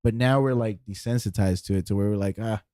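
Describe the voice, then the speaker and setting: Podcast dude, mellow dark voice, rambly, lots of likes and you knows, dry mic. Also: male voice, on the low side, fast talker, dry recording. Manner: rambling, filler-heavy, repeats words while thinking. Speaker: podcast co-host. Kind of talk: casual chat.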